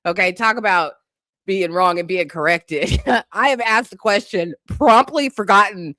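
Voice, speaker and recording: A woman hosting a live stream in casual chat, laughing often and breaking into loud exclamations. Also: medium pitch, unhurried, dry recording, studio quality. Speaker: livestream host.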